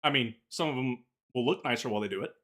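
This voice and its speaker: Male podcast co-host, bright forceful voice, chatty and opinionated, medium pitch. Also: fast. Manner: opinionated, laughs at his own jokes, stammers on restarts. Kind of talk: casual chat.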